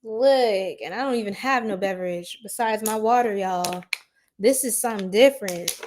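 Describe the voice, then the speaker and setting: A woman with a mid-range, somewhat dark voice speaks at a normal pace while hosting a casual astrology livestream. She's giggly and flustered, addressing her chat directly.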